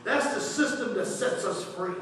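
A man's voice: high voice, normal speed, fairly bright tone. A man preaching a fervent sermon as pastor, with call-and-response in a church. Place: church sanctuary. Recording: echoey hall from far off.

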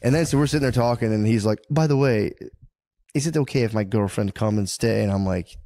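Profane, lively storytelling man. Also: lowish voice, a little fast, no echo, studio quality. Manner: profane storytelling with quoted impressions. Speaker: podcast co-host. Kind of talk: casual chat.

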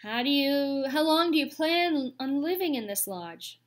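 A stubborn old beaver dad, as a woman reading puts him on grumbles and mutters as he talks. His tone is gruff and set in its ways, but not unkind. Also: high-pitched, animated, unhurried, pitched above the performer's own voice. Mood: grumbling. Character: grumbling stubborn male beaver, middle-aged father.

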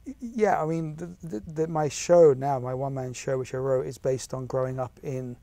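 A man's voice: medium pitch, normal speed, dark tone, no echo. A man in his forties with an English accent, talking casually as an interview guest, restarting and repeating himself often. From England. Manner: chatty, many restarts and repeats. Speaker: guest actor and writer.

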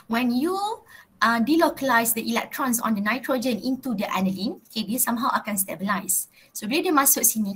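A young woman with a Malaysian accent leads a live chemistry lesson. She moves between Malay and English and keeps checking in with her students. Her voice sits a little high and has a soft, breathy edge. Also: rough recording. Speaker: chemistry teacher. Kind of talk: live online class lecture.

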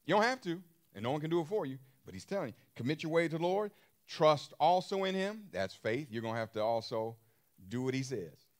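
A man's voice: a little high, sing-song, a little fast, a little mellow. A man preaching a sermon in an emphatic style, repeating phrases and throwing questions to his listeners, with features. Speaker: pastor.

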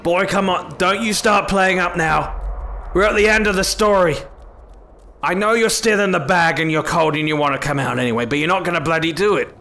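A man's voice: high voice, brisk, sharp tone. A man giving comedic let's-play commentary, scolding and fussing over an in-game companion in an exasperated way. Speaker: gaming YouTuber.

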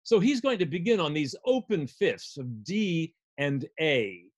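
A man's voice: on the high side, very animated, measured pace, husky. An older man lecturing on music, explaining a score step by step as he guides listeners through it.

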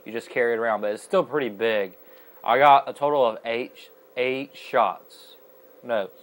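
A young man narrates his gameplay in a casual, chatty way. He rambles and often stops to correct himself. His voice sits at a middle pitch for a man. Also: normal speed, rough recording. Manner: rambling and chatty, with many fillers and self-corrections. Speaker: gaming video host. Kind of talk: casual let's-play commentary.

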